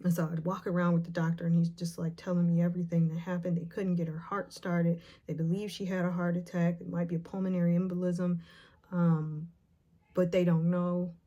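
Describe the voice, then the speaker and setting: A woman vlogger retelling a painful memory, emotional and nervous, with halting speech full of fillers and restarts. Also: lowish voice, level tone, warm tone, dull audio. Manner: retells scenes by acting out the quotes. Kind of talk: personal storytelling to camera.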